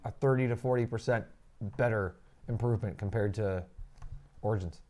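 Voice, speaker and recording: A man's voice: on the low side, a little fast, darkish tone. Joking young man co-hosting a stream. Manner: joking, goofy, rambling. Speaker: stream co-host. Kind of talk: casual gaming chat.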